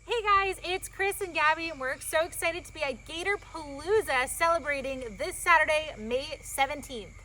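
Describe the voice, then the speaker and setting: A woman's voice: sits high, moderate pace, few pauses, pushed and bright, low-quality recording. A woman co-host announcing an event in a bubbly, upbeat way.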